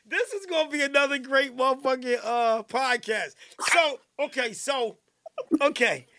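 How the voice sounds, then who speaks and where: A man hosting a rowdy live podcast, excitable, laughing and shouting, always cutting in with "hold on". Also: very high voice, unhurried, a little hiss or hum. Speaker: podcast host.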